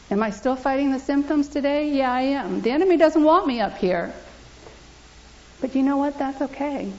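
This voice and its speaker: A woman's voice: high-pitched, expressive, moderate pace, dark tone. Earnest woman preaching a testimony. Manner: earnest, emphatic, repeats scripture aloud. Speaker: church speaker giving testimony. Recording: dull lo-fi recording.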